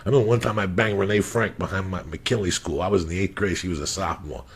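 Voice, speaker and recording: Gravelly, raunchy storytelling man. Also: deep voice, fast. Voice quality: gravelly, husky. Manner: raunchy, animated, swears constantly, acts out quoted voices. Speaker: comedian storyteller. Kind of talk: crude casual storytelling.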